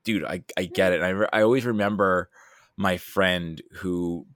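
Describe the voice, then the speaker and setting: A man's voice: deep voice, fairly even intonation, normal speed, a bit bright, dry recording, clean studio sound. A man hosting a podcast, chatting casually in a rambling, self-deprecating way and acting out what his friends said. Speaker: podcast host. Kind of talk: casual chat.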